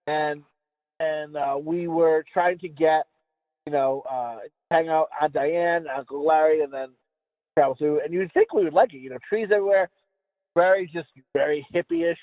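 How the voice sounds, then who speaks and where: This East Coast podcast co-host has a voice on the high side and keeps a moderate pace. Chatting casually, he tells rambling, profane stories and stumbles over his words, all on a tinny, phone-like recording without echo.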